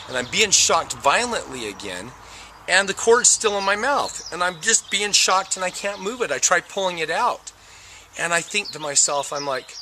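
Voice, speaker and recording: A man's voice: mid-range voice, pushed and bright, slight background noise. A middle-aged man telling a personal story with drama, acting out voices and sound effects. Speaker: storyteller recounting a near-death experience.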